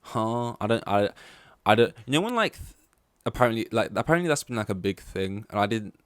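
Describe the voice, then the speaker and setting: Rambling, sweary podcast host. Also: male voice, lowish voice, big pitch swings, a little fast, smooth, no room sound, clean studio sound. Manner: rambling, sweary, loses his thread. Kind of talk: casual solo podcast chat.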